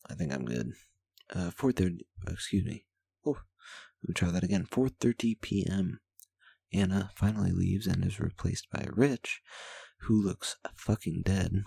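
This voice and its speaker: A man's voice: low-pitched, gravelly, mellow, husky, no echo. A man hosting a vlog, candidly reading his daily journal aloud, rambling and self-deprecating with blunt swearing. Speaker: vlog host.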